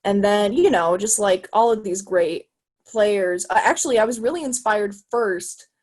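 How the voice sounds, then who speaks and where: An 18-year-old woman from Illinois, a guest talking casually over a video call, eager and halting, full of fillers and restarts. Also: mid-range voice, darkish tone. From Illinois, USA. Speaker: guest, jazz trumpet player. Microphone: video call microphone.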